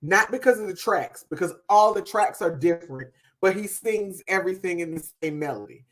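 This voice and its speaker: A woman with a somewhat low voice co-hosts a podcast and reviews music in casual, chatty talk. She leans into her points with emphasis and lets some phrases trail off quietly. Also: fairly quick. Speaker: podcast co-host.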